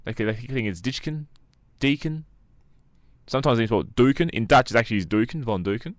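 Man, Australian accent, radio presenter, quick talker, lowish voice, dry close sound. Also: expressive, no room sound. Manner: easygoing, laughs along. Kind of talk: casual radio banter.

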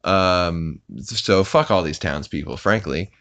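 A man's voice: low-pitched, takes it slowly, a bit bright, no room sound. A man hosting a podcast, casually recapping an episode with rambling asides and lots of fillers. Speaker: podcast host.

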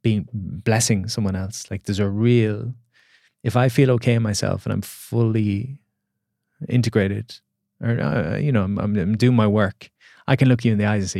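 A man, a podcast guest and coach, telling a reflective story in an earnest, halting way with repeated words. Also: fairly low pitch, steady tone, vocal fry, dark tone, no echo, clean studio sound.

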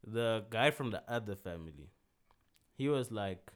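Low-voiced young South African man. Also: unhurried, clean tone. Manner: relaxed storytelling, loose laughter. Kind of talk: casual podcast chat.

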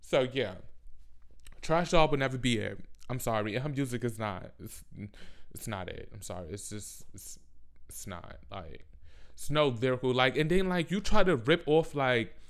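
A man talking fast and loose in a casual rant, sassy and profane. He swings into high, animated asides. His voice comes through smooth and clear, at a middle pitch.

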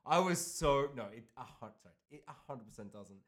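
Lively, animated man chatting. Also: medium pitch, fairly quick. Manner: animated, laughing often, casual swearing. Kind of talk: casual chat.

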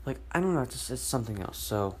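A man's voice: mid-range voice, animated, fast, slight background noise. Rambling man venting on his podcast. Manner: rambling, hesitant, many restarts and fillers; emotional and venting. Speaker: podcast host. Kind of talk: solo podcast monologue.

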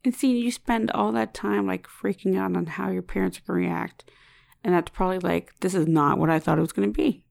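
A woman's voice: mid-range voice, steady tone, fairly quick, creaky, darkish tone. A woman hosting a casual interview, supportive, asking questions and laughing along with her guest. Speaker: host.

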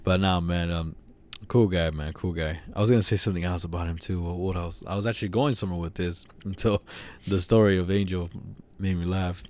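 A man's voice: low-pitched, fairly quick. Rambling, easily amused young man. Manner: rambling, laughs easily, lots of "dude" and "man". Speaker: podcast co-host. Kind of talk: casual chat.

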